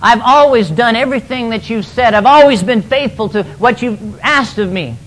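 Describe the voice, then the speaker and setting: A man's voice: sits high, lively intonation, takes it slowly, fairly bright tone, full character voice, low-quality recording. A man voicing a resentful, dutiful elder son in a retold parable, complaining bitterly in his own voice.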